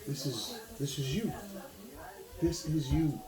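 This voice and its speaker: A man's voice: fairly high pitch, takes it slowly. A man, a pastor, preaching informally and urging the listener directly in a conversational way. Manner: conversational, exhortative, speaks straight to a listener. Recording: echoey room with a crowd behind.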